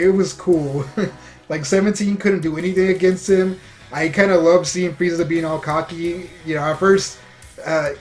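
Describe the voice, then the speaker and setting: A man with a slightly raised voice talks through an episode recap in a loose, rambling way, stumbling over words and leaning on fillers. Faint music plays quietly behind him. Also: a little high. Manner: rambling, filler-heavy retelling with frequent restarts. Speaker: anime reviewer.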